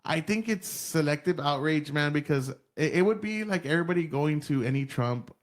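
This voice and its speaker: A man's voice: a little high, animated, fairly quick. Blunt, profane podcast host man. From Texas. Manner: blunt, profane, laughs often. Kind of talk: casual chat.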